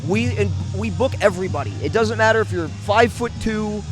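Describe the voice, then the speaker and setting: This St. Louis-area man calls a wrestling show over music with a high-pitched, fairly quick voice. He sounds heartfelt and emphatic, saying things more than once.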